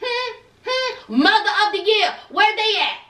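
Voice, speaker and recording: A woman's voice: extremely high pitch, sing-song, a little slow, fairly bright tone, reverberant, distant mic. A woman recapping a reality TV episode in a sassy, dramatic, scolding way, full of slang. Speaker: TV recap vlogger.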